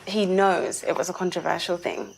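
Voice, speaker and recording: A woman's voice: fairly low pitch, little pitch movement, moderate pace, gravelly, a little hiss or hum. A woman reporter relaying and explaining what a man said, in a documentary interview.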